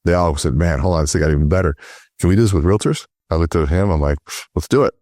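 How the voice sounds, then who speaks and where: A middle-aged man, a sales trainer, telling animated stories in an interview and acting out the dialogue. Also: deep voice, fast talker, no echo, studio quality. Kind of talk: storytelling in interview.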